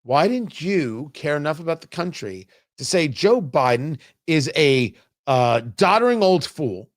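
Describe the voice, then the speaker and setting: Man, talk host, lively swooping pitch, slightly high voice, sarcastic rhetorical questions, livestream commentary. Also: measured pace.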